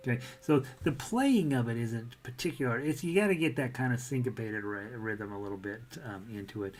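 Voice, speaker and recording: A man's voice: mid-range voice, brisk, few pauses, over loud music. A man teaching a casual ukulele lesson, chatty and self-deprecating, breaking into bits of sung melody. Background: ukulele playing.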